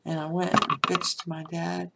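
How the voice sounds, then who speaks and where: Gravelly low-voiced woman telling a story. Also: little pitch movement, moderate pace, very noisy. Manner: rambling, chatty, peppered with "you know". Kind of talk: casual personal storytelling.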